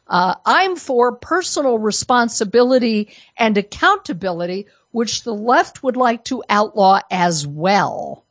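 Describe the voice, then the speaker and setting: A woman hosting a radio talk show, delivering an opinionated monologue full of sarcasm and emphatic jumps in pitch, at a studio microphone. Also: lively intonation, a little slow, hardly any pauses, no echo, muffled recording.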